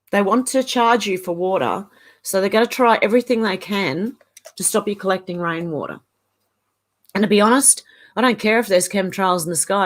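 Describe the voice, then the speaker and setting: Chatty Australian woman reading comments. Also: mid-range voice. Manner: chatty, reads viewer comments aloud and answers them. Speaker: live-stream host. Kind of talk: casual live-stream chat reading.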